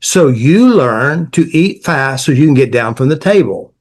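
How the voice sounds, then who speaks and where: A man's voice: medium pitch, animated, measured pace, a little mellow. A man working as an emotional therapy coach, explaining his ideas through client stories in a direct, repetitive way. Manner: direct, repetitive, lists ideas in short bursts.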